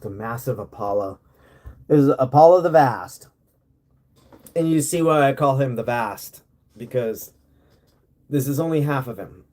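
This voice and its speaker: A man talks loosely to his live-stream viewers from home, his voice dark and mellow at a middling pitch. He rambles from one thought to the next, filling gaps with "uh" and "like", and laughs easily. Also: lively intonation, unhurried, long pauses. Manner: rambling, laid-back, laughs often, many fillers. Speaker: livestream host. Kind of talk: casual live-stream chat. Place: home in rural area.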